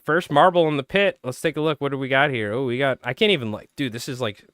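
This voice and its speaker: Hoarse man chatting on a livestream. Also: mid-range voice, quick pace, fairly bright tone, no echo, studio quality. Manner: rambling, loose, talks to chat by name. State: strained, tired voice, clearing throat. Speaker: fly-tying livestream host. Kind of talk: casual live-stream chat.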